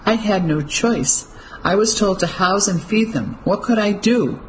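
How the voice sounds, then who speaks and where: A narrator voicing a frightened widow defending herself, with a high, strained, pleading voice. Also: unhurried, a little hiss or hum, close to an everyday voice, low-quality recording. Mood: defensive.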